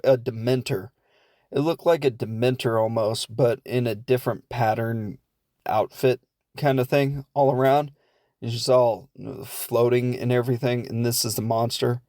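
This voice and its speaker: A young man casually recapping a film plot in a rambling comedic way, slipping into quick asides for the characters. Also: medium pitch, a little mellow, no room sound, studio quality.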